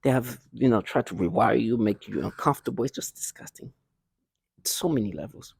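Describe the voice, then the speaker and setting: Man, mid-pitched and husky, angry and halting; he vents into a dry close mic with no room sound. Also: expressive, dry recording. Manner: agitated, angry, halting with repeated restarts and bitter laughs; drops to a near whisper at times. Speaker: vlogger. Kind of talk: rambling personal monologue to camera.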